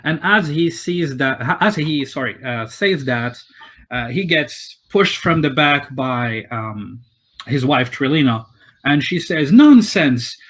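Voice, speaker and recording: A man's voice: medium pitch, unhurried, sharp tone. A man narrating as game master of a tabletop game, with many fillers and restarts.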